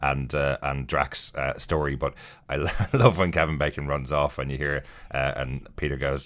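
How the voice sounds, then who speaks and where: A man with a very deep voice hosts a casual podcast conversation. He talks with enthusiasm, filling his pauses with "uh" and "um.". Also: steady tone, fairly bright tone. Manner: enthusiastic, frequent fillers. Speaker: podcast host. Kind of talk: casual chat reviewing a film. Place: podcast recording.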